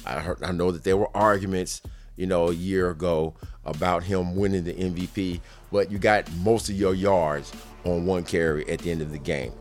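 A man giving casual sports commentary, running through news in an offhand way with jokey asides. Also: low voice.

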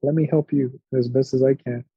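A man's voice: mid-range voice, a little fast, breathy edge, dry recording. Rambling man on a dull lo-fi mic. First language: Spanish. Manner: rambling, animated storytelling with quoted voices and laughs. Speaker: podcast co-host. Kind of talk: casual chat.

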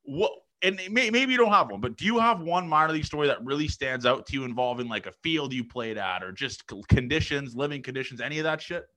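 A man's voice: medium pitch, expressive, quick pace, few pauses, sharp tone. A man hosting a casual podcast chat, laid-back and slangy, often saying "dude". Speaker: podcast host.

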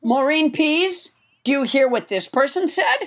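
A woman's voice: sits high, lively intonation, a little slow, a bit bright. A woman hosting a comedy podcast, rambling with stammered restarts and dry humor. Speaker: podcast host. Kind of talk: comedic banter.

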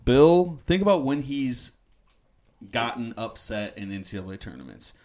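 A man's voice: mid-range voice, very animated, normal speed. A man hosting a casual sports podcast, upbeat and joking as he leads the segments. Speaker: podcast host.

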